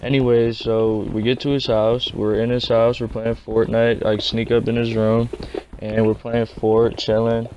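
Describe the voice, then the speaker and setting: A man's voice: mid-range voice, level tone, unhurried, a little mellow, dull audio, slight background noise. A young man casually telling a rambling, slangy story. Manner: rambling, slangy, laid-back.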